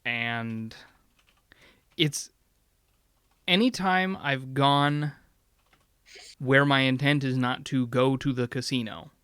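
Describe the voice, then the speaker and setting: Laid back podcast guy rambling, smooth bright voice, dry close mic. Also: medium pitch, slow, long pauses, no echo. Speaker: podcast co-host. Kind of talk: casual chat.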